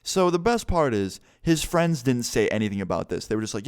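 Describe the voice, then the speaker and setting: Smooth-voiced young man telling a story. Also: mid-range voice, big pitch swings, fairly quick. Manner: casual, swearing, rambling with "like" fillers. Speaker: vlogger. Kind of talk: storytime vlog.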